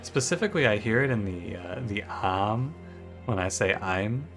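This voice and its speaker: Chatty man with a Michigan accent, lowish voice. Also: sing-song, fast, fairly bright tone, soft background music. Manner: chatty, musing, thinks aloud. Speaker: gaming YouTuber. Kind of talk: casual let's-play intro chat.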